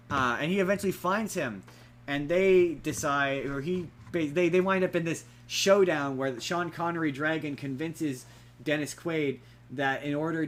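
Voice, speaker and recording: A young man casually reviewing a movie on a podcast, rambling and animated, acting out quotes in silly voices. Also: a little high, slight background noise. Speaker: podcast co-host.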